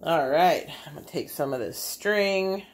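A woman's voice: low-pitched, expressive, a little slow, a little hiss or hum. A woman with a Bay City, Michigan accent, an artist and teacher chatting casually as she demonstrates a craft in her home kitchen, thinking aloud as she works.

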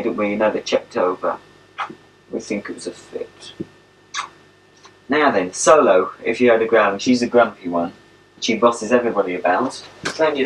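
On an old home video recorded indoors at home, a young English man speaks playfully to a pen pal and coos at his dogs. His mid-range voice is a bit bright, picked up by a distant mic with faint hiss.

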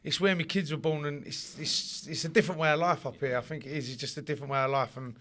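Bright-voiced man, rambling chat. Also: a little high, steady tone, quick pace. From London. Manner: rambling, repeats words, laughs often. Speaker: interviewee, rugby league player. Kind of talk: casual interview chat.

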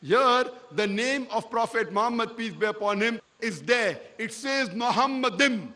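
A man giving a public lecture, quoting scripture in a slow, emphatic, declaiming way. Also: very high voice, animated, pushed and bright. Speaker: public speaker.

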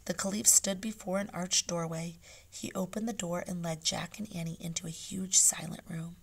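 A woman teacher reading a chapter book aloud to her class, narrating softly, often in a whisper, then turning animated when she asks the class questions. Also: lowish voice, normal speed, vocal fry, slightly rough.

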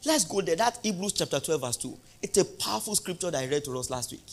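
Male pastor, sermon delivery, slightly high voice, call-and-response, emphatic crescendos. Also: lively intonation. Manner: call-and-response preaching, rising to loud emphatic peaks; repeats questions to the congregation, drawn-out emphasis.

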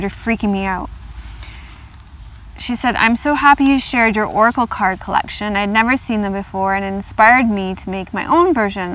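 A woman host chatting casually in her vlog as she unboxes gifts in a car, gushing and gasping with excitement. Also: mid-range voice. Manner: gushing, excitable, gasps and squeals with delight. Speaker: yoga vlogger.

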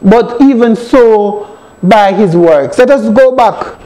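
A man's voice: high voice, animated, slow pace, mellow, rough recording. A man with a Jamaican accent, an elder teaching a Bible study and driving his points home with emphatic repetition. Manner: emphatic, repeats phrases.

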